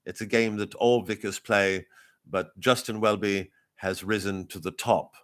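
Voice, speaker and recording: A man riffing as a pompous royal correspondent in a rambling, deadpan, improvised satirical live commentary. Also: on the low side, unhurried. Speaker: comedian in character as a royal correspondent.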